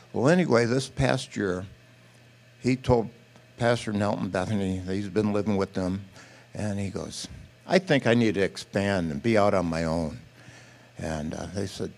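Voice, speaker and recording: An older man speaking from a church platform, telling a folksy, animated story with quoted dialogue in a sermon. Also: on the low side, gravelly. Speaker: pastor or missionary speaker.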